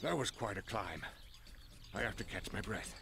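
A man's voice: fairly low pitch, expressive, normal speed, creaky, background noise. An actor playing a weary male hobbit companion in a game cutscene.

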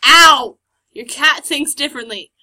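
Her voice is high and bright with a forceful edge, and she keeps a measured pace. She's a gamer doing let's play commentary, chatty and sarcastic as she answers back to the characters in her game.

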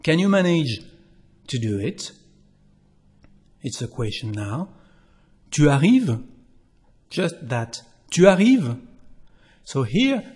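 A man's voice: a little high, darkish tone, husky. A man with a French accent, a native French speaker, teaching a language lesson and patiently repeating example phrases.

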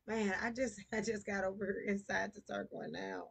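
A woman's voice: mid-range voice, fairly even intonation, gravelly, breathy edge, dull audio. A woman chatting playfully while streaming a shooter game. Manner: playful, sings snippets, slow drawl. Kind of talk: casual live-stream chat while gaming.

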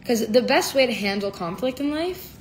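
A woman's voice: fairly high pitch, lively intonation, moderate pace. A young woman in her twenties reading tarot on a casual livestream, playful and chatty. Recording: noisy home livestream audio.

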